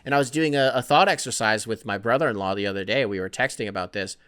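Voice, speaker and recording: A man's voice: on the low side, quick pace, a bit bright, smooth. Rambling, loose-talking male podcast host. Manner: loose, rambling and profane, self-described scatterbrained. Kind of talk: casual sports podcast talk.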